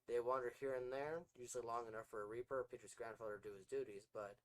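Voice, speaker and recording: A man's voice: medium pitch, fairly even intonation, fast, natural voice, rough recording. A man voicing a sly, smug male demon in a read-aloud story, purring and mock-sympathetic. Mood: grave.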